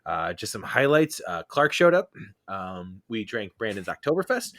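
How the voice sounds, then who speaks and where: A man hosts a relaxed beer podcast, his fairly low voice swinging up and down with lots of expression. He laughs often and trips over his words with fillers and restarts. The sound is dry and close to the mic. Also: moderate pace, no room sound. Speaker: podcast host. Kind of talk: casual chat. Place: Chicago area.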